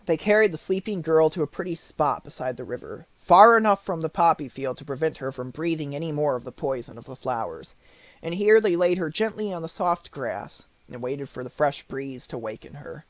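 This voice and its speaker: A man reading an audiobook aloud with lively, animated storytelling. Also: on the high side, brisk, no echo. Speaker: audiobook narrator.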